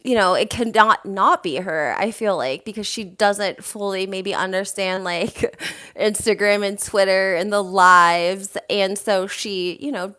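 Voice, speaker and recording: Hosting a laid-back reality TV gossip chat, a woman reads viewer comments aloud in an animated, chatty way, peppering everything with fillers. Her medium-pitched voice sounds clear and resonant, and she talks a little slowly.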